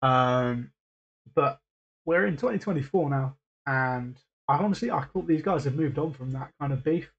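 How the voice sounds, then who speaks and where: A man's voice: mid-range voice, normal speed, vocal fry, slightly rough, lo-fi sound. A man hosting a reaction video, talking casually and hesitantly with lots of fillers and restarts.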